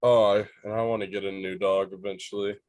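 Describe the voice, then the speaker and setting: A man's voice: lowish voice, little pitch movement, brisk, a little mellow, dry recording, low-quality recording. A man co-hosting a casual podcast, laughing along and swearing as he reacts. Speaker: podcast co-host.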